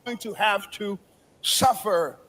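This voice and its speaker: A man preaching a sermon, building from slow phrasing to impassioned shouts. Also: high voice.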